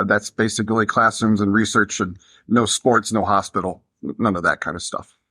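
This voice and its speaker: Bright-voiced male maintenance manager, casual. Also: mid-range voice, dry recording. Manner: casual, halting with fillers and restarts. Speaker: university maintenance manager, guest. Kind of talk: conversational interview answers.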